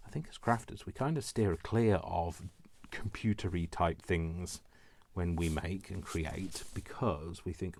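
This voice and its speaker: A man's voice: low-pitched, measured pace, gravelly. A middle-aged man hosting a casual crafting tutorial, rambling and mocking himself with chuckles.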